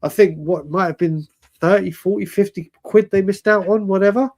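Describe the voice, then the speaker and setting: A man in his forties with a high-pitched voice tells a story in loose, casual chat. He rambles, corrects himself often, and stays animated throughout. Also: normal speed. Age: 40s. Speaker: fan show guest.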